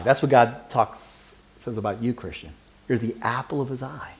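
A man's voice: mid-range voice, a little fast, a little mellow. A man preaching a sermon who asks his congregation questions and teases members by name. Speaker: pastor.

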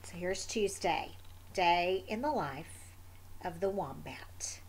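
Brief: woman storyteller, unhurried children's read-aloud, sing-song and fairly high, gentle asides. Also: lively intonation, a little hiss or hum. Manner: gentle, explains the pictures to listeners, slips into soft whispered asides. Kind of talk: picture book read aloud.

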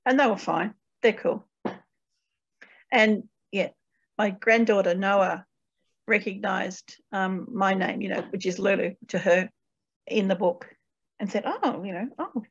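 A woman's voice: mid-range voice, unhurried, pauses often, breathy edge. Older Australian woman on a dull call line. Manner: chatty, laughs often, trails off with fillers. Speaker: poet. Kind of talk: poetry reading and Q&A. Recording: dull lo-fi video call audio.

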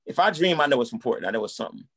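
A man's voice: mid-range voice, racing, creaky, husky. A man in his thirties telling his story in a casual interview, acting out quoted dialogue. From United States. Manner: animated, acts out quoted dialogue. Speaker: guest, musician and minister.

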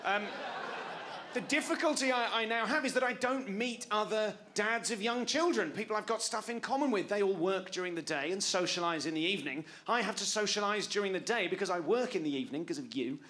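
A man's voice: high-pitched, a little fast, bright, forceful tone. Wry man in his forties doing stand-up. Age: 40s. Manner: wry, self-mocking, talks back to the audience. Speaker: stand-up comedian. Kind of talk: stand-up comedy set. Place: comedy club stage before a live audience.

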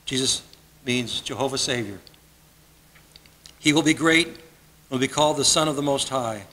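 A man's voice: mid-range voice, normal speed, pushed and bright, low-quality recording. A man preaching a sermon as pastor, earnest and conversational, often repeating his phrases. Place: church sanctuary.

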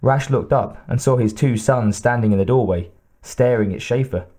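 In this scripted narration, a male audiobook reader keeps an even, deliberate delivery. His voice is medium-pitched.

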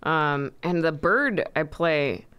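A woman comedian chatting as a podcast guest, soft-spoken and halting, often trailing off. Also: low-pitched, expressive, smooth. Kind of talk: casual chat.

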